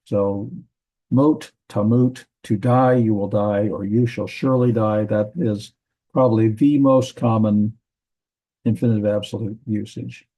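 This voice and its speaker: Man, teacher, classroom grammar lesson, deep mellow tone, methodical with fillers, reads examples slowly. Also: fairly even intonation, rough recording. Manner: methodical, repeats words, many fillers. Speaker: Bible language teacher.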